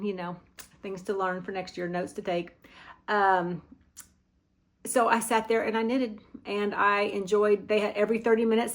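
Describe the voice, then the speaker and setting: Middle-aged woman from Arkansas, knitting vlog host, casual and rambling, medium pitch. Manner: chatty and rambling, with fillers and restarts. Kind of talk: casual chat to camera.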